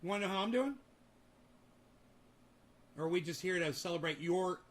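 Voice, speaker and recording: A man's voice: high voice, expressive, moderate pace. A man hosting a livestream who rants heatedly at his chat, swearing freely and talking straight back to commenters. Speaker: streamer host.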